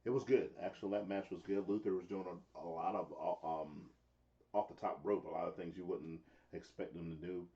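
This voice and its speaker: A man co-hosting a casual live chat show who tells stories in an animated way and laughs often. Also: low voice, fairly quick, lo-fi sound. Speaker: co-host.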